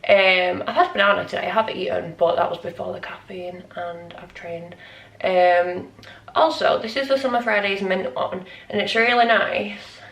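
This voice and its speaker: A woman's voice: mid-range voice, moderate pace, gravelly, a bit bright. A young woman chatting in a casual vlog, rambling and scattered with lots of ums, shaky and out of breath. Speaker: vlogger. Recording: echoey room, mic at a distance.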